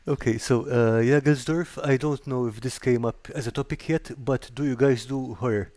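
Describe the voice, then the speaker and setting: A man's voice: mid-range voice, steady tone, normal speed, darkish tone, no echo. Hesitant male livestream host, dry sound. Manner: hesitant, restarting, reads chat aloud. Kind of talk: casual livestream chat.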